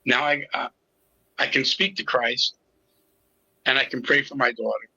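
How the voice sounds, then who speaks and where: A man's voice: mid-range voice, steady tone, unhurried, vocal fry, sharp tone, breathy edge, dry recording, dull audio. A middle-aged man telling his personal story as an interview guest, candid and with a sarcastic sense of humor. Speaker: interview guest, recovery coach.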